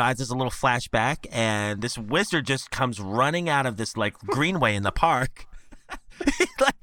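A man's voice: on the high side, pushed and bright, no room sound. A man appearing as a podcast guest, chatting enthusiastically about a cartoon and laughing often.

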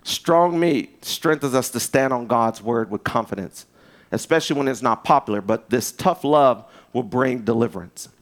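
A man delivers a sermon as a pastor, using a medium-pitched, expressive voice at a moderate pace. The style is casual and conversational, with restarts, asides, and shifts from loud emphasis to hushed speech.

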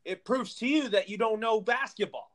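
A man co-hosting a casual sports podcast, lecturing emphatically with loud bursts. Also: sits high, moderate pace.

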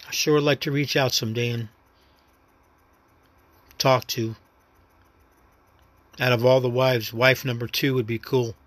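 A man's voice: mid-range voice, fairly even intonation, a little slow, long pauses, fairly bright tone, dry recording. A man from New York City with a New York accent, hosting his own podcast in a rambling, reflective, understated personal monologue. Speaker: podcast host.

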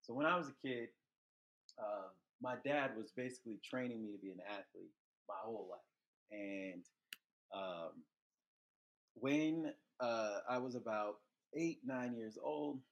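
A young man hosting a podcast, telling a childhood story in loose, profane casual chat that gets animated. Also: medium pitch, muffled recording. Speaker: podcast host.

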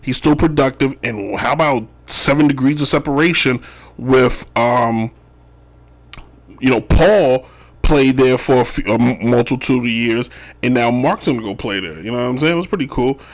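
A man's voice: medium pitch, moderate pace. Rambling, joking male sports talk host. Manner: rambling, joking, says "if you will" often. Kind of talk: casual sports commentary. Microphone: wearing Chicago sports gear.

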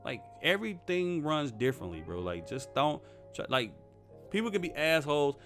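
A man's voice: fairly high pitch, big pitch swings, normal speed, a bit bright. Young guy, blunt and swearing, casual rant over faint music. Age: young adult. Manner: blunt, profane, defiant. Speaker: vlogger.

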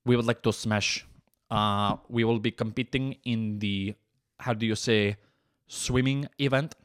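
A man voicing a grimly single-minded foreign competitor, speaking flat, deadpan broken English. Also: lowish voice, a little slow, clear, resonant tone, dry recording, studio quality, close to an everyday voice. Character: blunt Kazakh swimmer-wrestler, grimly single-minded.

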